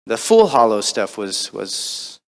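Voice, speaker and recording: A man answering audience questions on a convention panel, chatty and animated, acting out the voices in his stories. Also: on the low side, slow. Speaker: voice actor guest on a convention panel.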